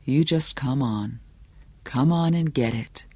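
A man doing a smooth, cruel young salesman. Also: takes it slowly, mellow, dry recording. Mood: coaxing. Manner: low, pleasant, carrying voice.

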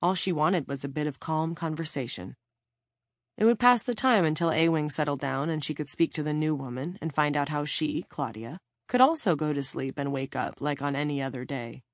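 A woman narrating a novel as an audiobook reader, in a steady, measured reading. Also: sits low, no room sound, clean studio sound. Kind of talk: scripted narration.

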